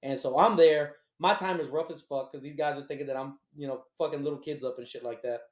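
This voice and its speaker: A man with a fairly high voice co-hosts a podcast, telling his story in a loose, cursing, animated way. The sound bounces around an echoey room. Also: fast talker. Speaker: podcast co-host. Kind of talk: casual storytelling chat.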